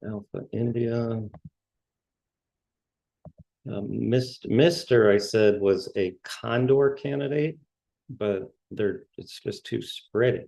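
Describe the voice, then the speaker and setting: A man with a lowish, creaky, darkish voice hosts a trading show, giving casual market commentary as he goes through stock charts. He halts and repeats words, often restarting as he scans. The recording is dry with no room sound, and the audio quality is poor.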